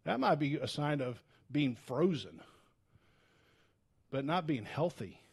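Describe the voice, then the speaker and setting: A man preaching a sermon as a pastor, earnest and conversational, swinging from loud urgency to hushed, low tones, with frequent restarts. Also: expressive, slow pace, gravelly, breathy edge. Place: church.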